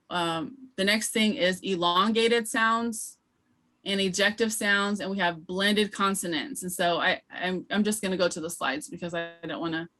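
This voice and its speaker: Woman, language instructor, online training session, patient explaining, slow modelled words, video call mic. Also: mid-range voice, bright, forceful tone. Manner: patient explaining, frequent ums, models pronunciations slowly. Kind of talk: online teacher training lesson.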